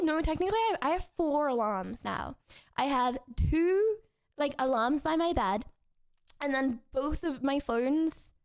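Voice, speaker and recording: A young woman with a bright, high voice chats with her live viewers from home. She rambles, laughs easily and trips over her own sentences as she goes. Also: creaky. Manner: chatty and rambling, with frequent restarts and giggles. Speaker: streamer. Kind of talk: casual chat with viewers.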